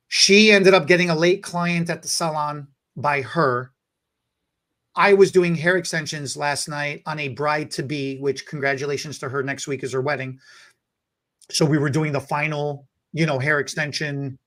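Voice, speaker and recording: High-voiced man telling a rambling story. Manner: animated, rambling, many fillers and restarts. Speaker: podcast host. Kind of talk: casual storytelling chat.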